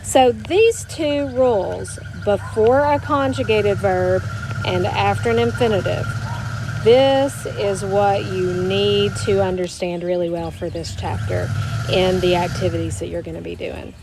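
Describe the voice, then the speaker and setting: A woman's voice: medium pitch, noisy background. Patient woman teaching Spanish grammar. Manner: patient, explanatory, slows down to model Spanish words. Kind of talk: recorded classroom grammar lesson.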